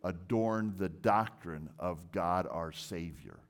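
A man delivers a church sermon in a fairly low voice. He preaches earnestly and emphatically, stressing and repeating key words and sometimes stumbling over the start of a phrase. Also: slow pace, slight background noise. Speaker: pastor.

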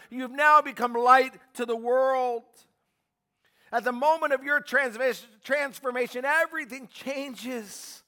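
High, bright-voiced preacher man. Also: fairly even intonation, unhurried. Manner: emphatic, calls out to the congregation for responses; swings between quiet asides and shouting. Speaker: pastor. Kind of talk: sermon.

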